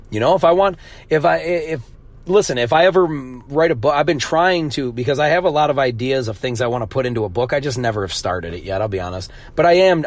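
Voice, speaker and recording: Guy ranting solo on his podcast, swears a lot, blunt and casual, normal pitch. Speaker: podcast host. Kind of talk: casual monologue.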